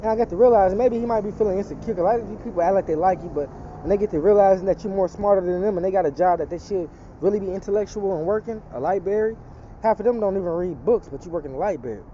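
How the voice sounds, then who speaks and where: A man with a high-pitched, racing, warm voice tells a personal testimony in casual street talk, rambling and swearing before sliding into an emphatic preaching tone. The recording is lo-fi, with a little hiss or hum.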